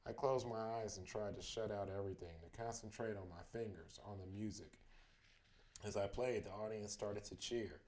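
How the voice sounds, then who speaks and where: A man reading a chapter book aloud as a bedtime story, with steady, expressive first-person narration. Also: on the low side, moderate pace. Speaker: storybook reader.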